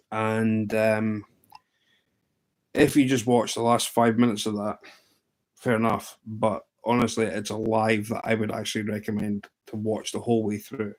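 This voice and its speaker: A man's voice: fairly low pitch, poor audio. A man hosting a casual livestream, telling fishing stories in a chatty, laughing way. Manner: chatty storyteller, often laughing. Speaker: livestream host.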